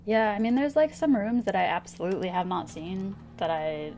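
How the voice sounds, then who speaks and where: A woman streamer casually thinking aloud over a puzzle game, hesitant and giggly, with soft music behind. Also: medium pitch, moderate pace, slight background noise. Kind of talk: casual gameplay commentary. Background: soft background music.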